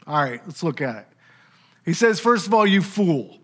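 A man's voice: on the high side, sing-song, moderate pace, fairly bright tone. A man preaching a sermon, teaching in an emphatic, conversational way with rhetorical asides.

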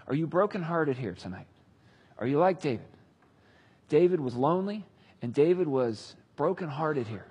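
Male pastor preaching, kinda husky, pitch a bit high, goes loud then real soft. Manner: earnest, swings between loud emphatic and hushed tender. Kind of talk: sermon.

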